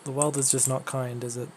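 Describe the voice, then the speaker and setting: A woman's voice: a bass voice, level tone, moderate pace, slight background noise. A woman streaming a game, chatting casually and playfully with her chat. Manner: playful, breaks into silly voices.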